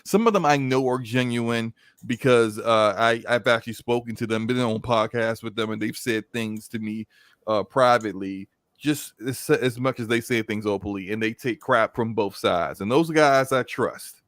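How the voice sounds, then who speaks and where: Brief: male guest, mid-pitched, dry close sound, rambling storyteller. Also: normal speed, no echo. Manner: rambling, stammering restarts, acting out skits. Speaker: podcast guest. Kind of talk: casual podcast chat.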